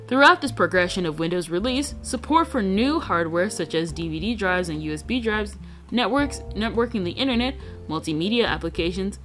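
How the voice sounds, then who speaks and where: A woman's voice: mid-range voice, fairly bright tone. A woman streamer reading a textbook aloud, often tripping over words and restarting them. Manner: stumbling over words and correcting herself. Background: faint guitar music.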